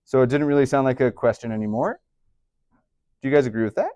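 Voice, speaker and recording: A man's voice: mid-range voice, expressive, fast, mellow, no echo. Chatty male math teacher, dry sound. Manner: chatty, upbeat, joking asides to students. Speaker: high school math teacher. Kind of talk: classroom lecture. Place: classroom.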